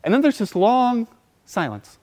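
Unhurried and very high-pitched, a middle-aged man recounts something that happened to him, keeping it casual. He plays out quoted voices and laughs between his lines.

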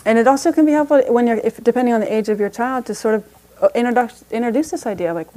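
A woman's voice: a little high, fast, warm tone. A woman teaching a parenting class as a meditation teacher, talking conversationally with frequent restarts and light laughs.

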